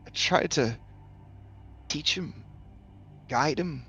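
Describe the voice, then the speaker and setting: A man's voice: fairly high pitch, extremely slow, bright, forceful tone, faint music behind, voice pushed up, heavily acted. A man voicing a frightened goblin alchemist trapped in a tank, who stammers nervously. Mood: regretful.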